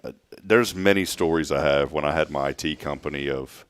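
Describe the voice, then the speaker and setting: A man co-hosting a morning radio show, telling stories in animated casual banter and laughing often. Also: a bass voice, fairly quick, smooth.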